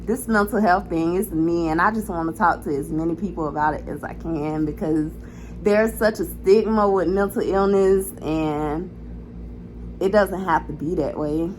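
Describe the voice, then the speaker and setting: A woman's voice: lowish voice, normal speed, darkish tone, slight background noise, low-quality recording. A young adult woman talking candidly to her camera in a casual vlog, frank and chatty with some swearing. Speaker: vlogger.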